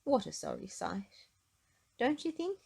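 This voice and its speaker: A woman's voice: on the high side, big pitch swings, a little slow, creaky, darkish tone, breathy edge, voice pushed up, full character voice. A woman voicing a cheerful, hopeful man who chortles and chuckles. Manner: chortling, upbeat.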